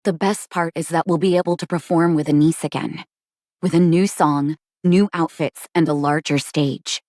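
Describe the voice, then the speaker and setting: An actress voicing a gentle, conflicted young woman ex-idol who talks hesitantly with soft sighs. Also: sits low, fairly even intonation, normal speed, no echo, lightly acted. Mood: uneasy. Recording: dry close studio recording.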